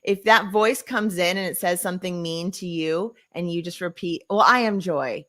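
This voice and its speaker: A woman's voice: lowish voice, flat delivery, normal speed. A woman co-hosting a casual podcast as a coach, speaking in an encouraging, upbeat way and laughing easily.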